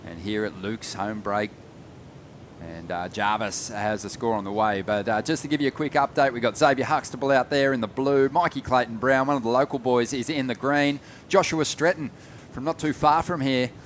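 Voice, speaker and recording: A man's voice: mid-range voice, fairly bright tone, a little hiss or hum. Chatty Australian male surf commentator. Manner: chatty, banters with co-host. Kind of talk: live sports commentary.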